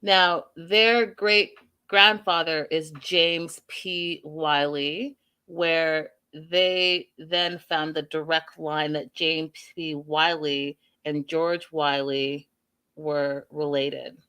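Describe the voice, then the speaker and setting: Woman host, casual recap chat, bright tone, talks straight to her audience. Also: low-pitched, steady tone, extremely slow, clean tone. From Canada. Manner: chatty, addresses viewers directly.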